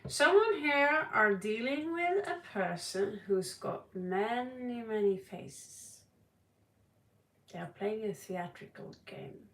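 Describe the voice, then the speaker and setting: Slow, expressive Norwegian tarot reader, high-ish voice, recorded in an echoey room away from the mic. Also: female voice, distant mic. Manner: dramatic, emphatic, with sudden loud stresses. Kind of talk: tarot livestream reading.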